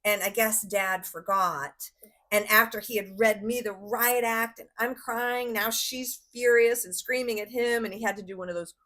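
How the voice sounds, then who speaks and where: Animated storytelling woman owner. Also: a little high, moderate pace. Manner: animated storyteller, acts out quotes, laughs often. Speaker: business owner and podcast host. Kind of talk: casual storytelling chat.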